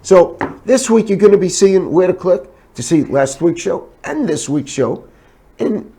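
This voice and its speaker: A man's voice: sits high, lively intonation, measured pace, dark tone, a little hiss or hum. A man hosting a casual talk show, telling anecdotes in a laid-back way. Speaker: show host.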